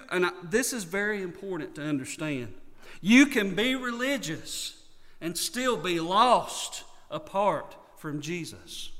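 A man's voice: sits high, fairly bright tone, in a large hall. A man from North Carolina with a Southern accent, preaching a sermon earnestly and repeating key points for emphasis. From North Carolina, USA. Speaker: pastor.

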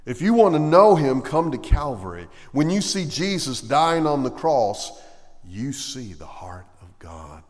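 A male preacher giving a sermon, swinging between loud, emphatic lines and hushed, slow ones. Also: medium pitch, very animated, in a large hall.

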